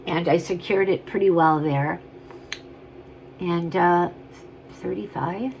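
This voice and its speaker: A woman's voice: fairly low pitch, slow pace, creaky, darkish tone, slight background noise, rough recording. A woman chatting casually on camera as she shows and sells vintage jewelry, rambling and gushing over each piece. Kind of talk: casual on-camera selling chat.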